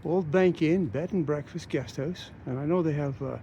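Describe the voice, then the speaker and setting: A man's voice: a little high, mellow. A man walking outdoors with a handheld camera, narrating a travel vlog in a rambling way with many fillers and restarts. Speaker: travel vlogger. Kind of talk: casual walking commentary. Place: outdoors, walking through a small coastal town. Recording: outdoor noise with rushing water.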